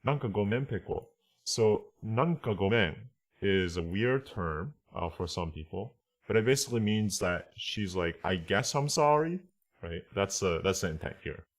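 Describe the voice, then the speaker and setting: A deep-voiced man teaching translation in a relaxed online class. He walks through each point slowly and keeps asking "right?" and "okay?" to check that his listeners follow. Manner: reads Japanese phrases aloud. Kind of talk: casual online lesson.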